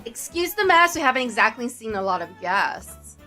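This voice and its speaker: A woman voicing a rough, growling middle-aged male rebel leader who runs a tavern, in a visual novel read-aloud. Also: on the high side, big pitch swings, normal speed, bright, forceful tone, soft background music. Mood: jovial.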